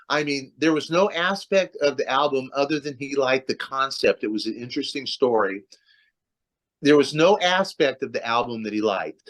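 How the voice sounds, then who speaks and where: In a relaxed video-call interview, this metal singer chats loosely about his career, restarting often and leaning on fillers. His voice is medium in pitch with a fairly bright tone.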